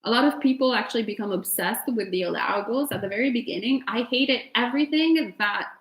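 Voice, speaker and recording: Italian woman teacher, gravelly voice, chatty and laughing, roomy echo on the recording. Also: fairly high pitch, a little fast. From Italy. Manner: chatty, laughs often, many fillers. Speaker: meditation teacher answering questions. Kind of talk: casual Q&A at an online retreat.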